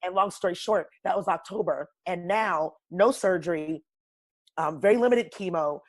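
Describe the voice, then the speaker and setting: A woman's voice: fairly low pitch, normal speed. Woman guest, wellness coach type. Emphatic, straight-talking, preachy. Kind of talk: casual podcast conversation.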